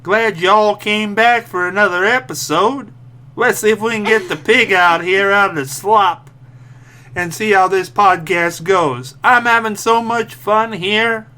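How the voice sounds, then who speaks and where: Brief: man doing an over-the-top hillbilly voice, drawled and pitched up. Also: pushed and bright. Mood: hammy. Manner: slow, folksy drawl. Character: exaggerated hillbilly man from the rural South.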